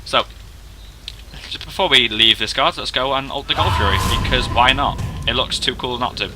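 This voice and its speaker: A man's voice: mid-range voice, normal speed, over music, rough recording. A young man casually narrating a video game, chatty and self-deprecating, rambling as he goes through the features. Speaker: gaming video host. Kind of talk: casual gameplay commentary.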